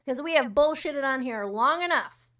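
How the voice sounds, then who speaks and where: A fairly high-voiced woman hosting a casual livestream, talking straight to her chat. She is blunt and sarcastic and swears freely, and her voice sits a little back from the mic. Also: animated, moderate pace, pushed and bright, far from the mic. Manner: blunt, profane, sarcastic asides. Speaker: livestream host. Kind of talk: casual livestream chat reading comments and news.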